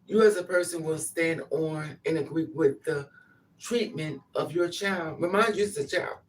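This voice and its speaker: A woman's voice: sits low, moderate pace, distant mic. A grieving mother giving an impassioned, repetitive spoken monologue. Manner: impassioned, repetitive, acts out pleading quotes.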